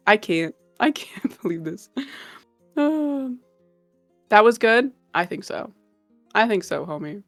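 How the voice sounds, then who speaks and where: A woman's voice: medium pitch, big pitch swings, slow, pauses often, a bit bright, no echo, soft background music. A woman hosting a live stream, chatting casually with her viewers in a bubbly, giggly, gushing way. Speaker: livestream host.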